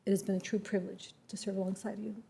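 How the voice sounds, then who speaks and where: Measured woman reading a formal tribute. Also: mid-range voice, flat delivery, gravelly, heavy background noise. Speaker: county board member. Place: public meeting chamber.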